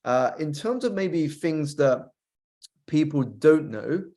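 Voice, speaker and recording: A man, a coach and author, telling his life story as an interview guest in a measured, reflective way, listing items and pausing on frequent uh's. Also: on the high side, lively intonation, warm tone.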